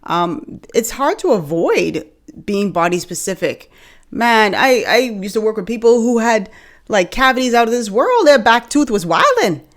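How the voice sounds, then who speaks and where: A young woman from the Bahamas chatting casually to camera as a video host, animated and joking, calling her viewers y'all. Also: on the high side, moderate pace.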